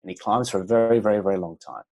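A man speaks as a guest on a chiropractic podcast. His voice is low and a little husky, and he talks in a relaxed, reflective way. He slips easily into storytelling and calm reassurance. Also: rapid-fire, low-quality recording. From Australia.

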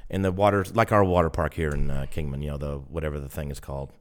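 A man's voice: very deep voice, steady tone, quick pace. A middle-aged man co-hosting a podcast, rambling in an easygoing way and trailing off mid-thought. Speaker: podcast co-host. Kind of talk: casual chat.

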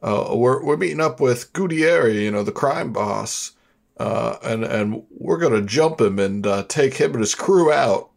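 A man in a tabletop game who speaks slowly and hesitantly, stumbling through his pitch to another character. His voice is gravelly and rises and falls a lot. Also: lively intonation. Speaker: player. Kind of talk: casual tabletop game chat.

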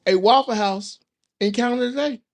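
Animated man telling a story. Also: very high voice, normal speed, creaky. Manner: animated storyteller, acts out quoted voices. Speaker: podcast co-host. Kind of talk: casual chat, storytelling.

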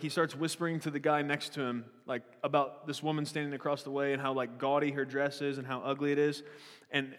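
A male pastor with a fairly high voice, preaching in a loose, conversational way with joking asides and questions to the room. His voice carries a long reverb from a church hall. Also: a bit bright. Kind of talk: sermon.

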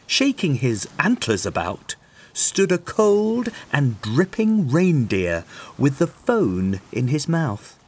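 A man reading a children's bedtime story aloud in an expressive, sing-song way. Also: mid-range voice, husky. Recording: soft music underneath.

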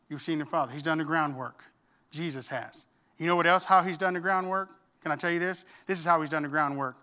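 A middle-aged man, preaching a sermon with emphatic swings between loud declarations and quiet asides. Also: fairly high pitch. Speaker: pastor.

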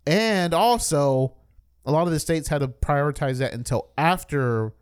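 A man's voice: on the high side, a little slow, clean tone. A man co-hosting a casual podcast. He rambles, using lots of fillers and restarting his sentences as he explains things. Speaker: podcast co-host.

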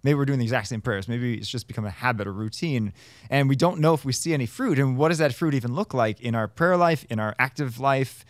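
A man's voice: mid-range voice, no echo. A man, a Catholic priest co-hosting a podcast, talking in an earnest, questioning way. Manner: earnest, questioning, quick to laugh. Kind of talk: casual podcast chat.

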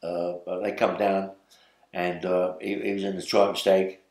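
Gravel-free 70s London man, rambling storyteller, roomy echo. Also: low-pitched, level tone, measured pace, a little mellow. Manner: rambling, tags lines with "yeah?" and "you know what I mean?". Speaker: interview guest. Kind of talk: storytelling interview.

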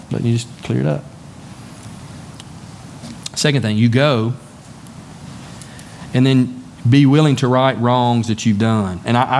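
A man preaching to his church congregation in a relaxed, conversational way, telling everyday stories and acting out the lines of the people in them. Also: mid-range voice, slight background noise. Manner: conversational, folksy storytelling with acted-out dialogue. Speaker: pastor. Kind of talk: sermon. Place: church sanctuary.

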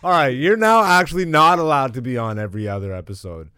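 A man's voice: medium pitch, fast, sharp tone, clear, resonant tone, no echo, clean studio sound. A man hosting a podcast in loose, profane chat, laughing a lot. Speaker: podcast host. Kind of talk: casual chat.

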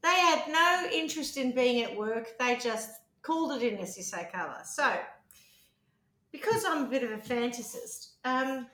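A woman with a high, bright voice talks in a loose, rambling way and swears casually. The sound is roomy and echoey, as if recorded in an apartment. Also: expressive, moderate pace. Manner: chatty, swearing, rambling storytelling. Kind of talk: casual chat. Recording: roomy echo.

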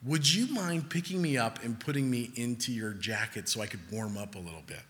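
A man voicing a sly male rattlesnake that coaxes and pleads with wheedling promises, in a low, hushed voice. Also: animated, a little fast, big-room sound, close to an everyday voice. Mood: pleading.

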